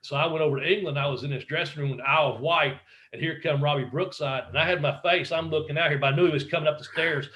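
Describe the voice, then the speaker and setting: A former wrestler telling stories in a casual interview, swearing freely and acting out what other people said. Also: male voice, on the high side, fast, few pauses, a little hiss or hum. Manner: profane, animated storyteller acting out quotes. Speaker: guest, former pro wrestler.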